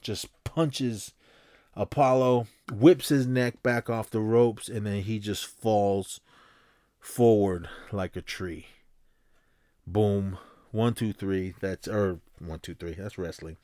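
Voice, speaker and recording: This low-voiced man takes it slowly as he hosts a podcast, giving a casual movie recap of a film scene. Though the retelling is loose and rambling with many fillers and restarts, he acts out the punches animatedly with sound effects, all in dry, studio-quality audio.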